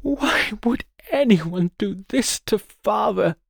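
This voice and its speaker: A man voicing a distraught young noblewoman who pleads in a high, sobbing voice in an audiobook. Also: expressive, takes it slowly, gravelly, dry recording, clean studio sound, heavily acted. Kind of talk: audiobook character voice.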